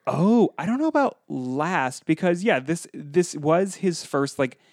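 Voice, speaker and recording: A man's voice: fairly high pitch, animated, unhurried, dry recording, clean studio sound. A man co-hosting a podcast, chatting casually about a movie and slipping into playful impressions of film lines. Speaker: podcast co-host. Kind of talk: casual movie-review chat.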